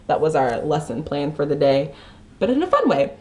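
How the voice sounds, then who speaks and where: Young kentucky woman vlogging, kinda low voice, rambles w lots of likes. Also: huge pitch swings, normal speed, mellow. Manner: rambling, many restarts, lots of "like". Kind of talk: casual storytelling vlog.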